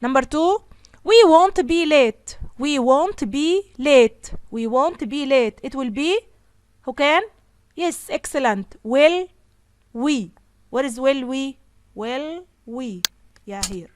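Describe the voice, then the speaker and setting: A woman teaching an English grammar lesson, slowly repeating each example sentence. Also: high voice, lively intonation, no room sound.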